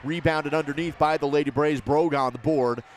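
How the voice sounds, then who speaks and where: Quick play-by-play man, raised pitch. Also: steady tone, slight background noise. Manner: rapid running commentary, calls each pass and shot. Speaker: play-by-play announcer. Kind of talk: basketball play-by-play commentary.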